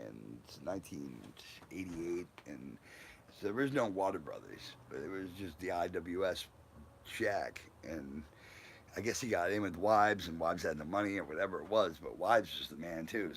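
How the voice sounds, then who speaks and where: A man's voice: low-pitched, a little hiss or hum. A man in his fifties from Newport, telling rambling personal stories full of profanity and tangents.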